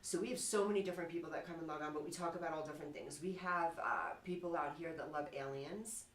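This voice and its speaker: A woman's voice: sits low, fast, reverberant. A woman from New York with a slight New York accent, hosting a casual talk show in a bubbly, chatty way. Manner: bubbly, chatty, laughs often.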